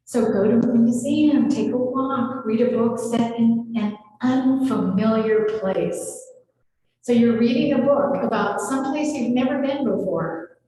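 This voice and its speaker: Slow-talking woman minister in echoey hall. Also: on the high side, darkish tone. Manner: chatty and playful, often laughing, addressing the congregation directly. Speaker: senior minister. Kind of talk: conversational sermon. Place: large hall of a spiritual center. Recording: echoey hall with long reverb.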